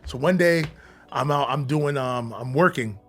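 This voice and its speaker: Animated man telling a prison story. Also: medium pitch, measured pace, soft background music. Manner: animated, profane, with frequent restarts. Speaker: podcast guest. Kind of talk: casual storytelling.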